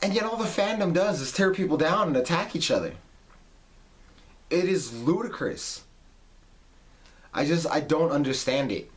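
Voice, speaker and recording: A man's voice: fairly high pitch, lively intonation, moderate pace, long pauses. A man in his late twenties giving a heated, emphatic rant on his vlog, swearing freely. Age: late 20s. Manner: heated, emphatic, profane ranting. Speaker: vlog host. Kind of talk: ranting monologue.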